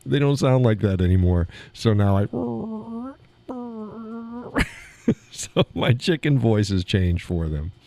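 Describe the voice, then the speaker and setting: A man's voice: on the low side, lively intonation, normal speed, hardly any pauses, warm tone. A man hosting a live show from his small home studio, chatting in a rambling way and chuckling often. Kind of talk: casual live-stream chat.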